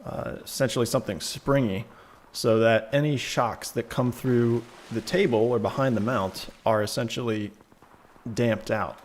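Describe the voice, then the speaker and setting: A man's voice: mid-range voice, unhurried. A man streaming a game, chatting casually and rambling through asides and self-corrections into a desk microphone. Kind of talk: casual live-stream chat. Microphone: desk microphone on a shock mount.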